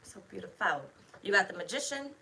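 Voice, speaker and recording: A woman's voice: mid-range voice, lively intonation, a little fast, noisy background. A woman giving a casual tarot reading to camera, talking bluntly and emphatically, with plenty of swearing. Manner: blunt, profane, emphatic, chatty. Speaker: tarot reader.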